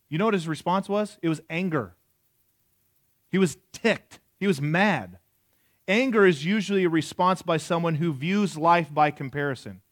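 A man's voice: a little high, normal speed, no echo, studio quality. A man in his forties preaching a sermon in a conversational way, asking the audience questions and joking. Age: 40s. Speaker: pastor.

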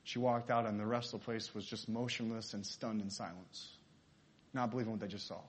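A man's voice: fairly low pitch, steady tone, a little fast, a little hiss or hum. A man preaching, telling a story in a sermon and acting out the characters' lines.

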